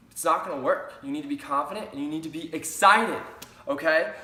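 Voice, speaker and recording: A man's voice: a little high, fairly quick, bright, forceful tone, slight background noise. Upbeat man teaching in a roomy space. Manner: upbeat, repeats key phrases. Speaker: sales trainer. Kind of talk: training talk. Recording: roomy echo.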